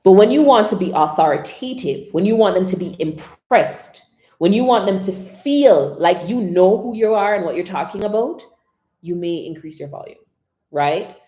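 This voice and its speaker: A woman coaching public speaking on a live stream, expressive, modelling whispers and dramatic pauses. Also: on the low side, echoey room.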